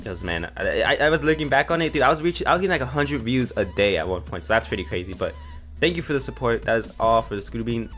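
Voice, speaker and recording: Fast-talking young guy telling a story. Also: mid-range voice, lively intonation, fairly bright tone, soft background music. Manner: rambling, profane, heavy with fillers. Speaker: vlogger. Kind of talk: casual storytelling.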